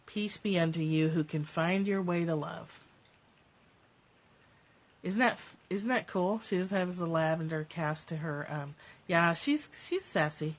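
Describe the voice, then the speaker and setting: A woman speaks a little slowly in a lowish voice while hosting a relaxed home livestream through a phone or webcam. Between spiritual passages and chatting, she laughs often as her cats interrupt.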